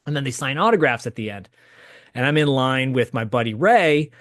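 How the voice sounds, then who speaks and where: A man in his fifties hosting a podcast, telling a story in an animated, chatty way. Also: medium pitch, fairly quick. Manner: animated, chatty, laughs as he tells stories. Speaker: podcast host. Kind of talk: casual storytelling.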